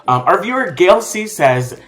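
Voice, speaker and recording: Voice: mid-range voice, sing-song, unhurried, a bit bright, soft background music. A co-host in a casual chat, adding playful, jokey comments.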